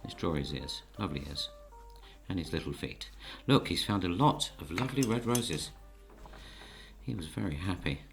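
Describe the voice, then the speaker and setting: Low-voiced man telling a children's story. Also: lively intonation, normal speed, vocal fry, faint music behind. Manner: gentle, coaxing, speaks to the audience. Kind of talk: storybook narration while drawing.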